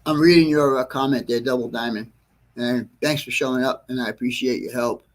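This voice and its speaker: A man hosting a casual livestream about his model railroad, rambling and correcting himself, clearing his throat often, frustrated with a problem. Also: medium pitch, fairly even intonation, fairly quick. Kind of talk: casual livestream chat to viewers. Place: train layout room at home.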